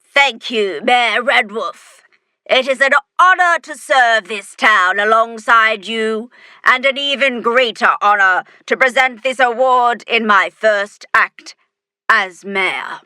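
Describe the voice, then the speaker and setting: A woman voicing a kindly female monster mayor with a low, growly voice, speaking slowly and solemnly in a storybook reading. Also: no room sound, clean studio sound, natural voice. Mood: formal.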